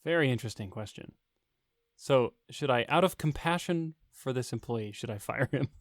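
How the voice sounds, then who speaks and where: Brief: male co-host, forties, mid-pitched, chuckles through anecdotes, dry close sound. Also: expressive, normal speed, no echo. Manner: chuckling storyteller. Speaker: podcast co-host. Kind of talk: casual podcast chat.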